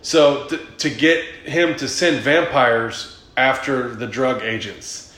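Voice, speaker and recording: A man's voice: mid-range voice, steady tone, slow, fairly bright tone. A man chatting casually, retelling a movie plot in a rambling, profane way and laughing often. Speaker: podcast host. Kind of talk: casual chat. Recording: echoey room.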